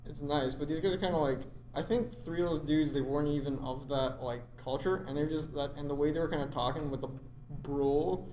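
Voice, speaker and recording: A young man, slightly sick with a deeper voice, co-hosting a casual podcast chat and rambling freely. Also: steady tone, quick pace, few pauses, darkish tone. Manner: rambling, trying out joke accents. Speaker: podcast co-host. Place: big classroom. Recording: roomy classroom echo, faint background noise.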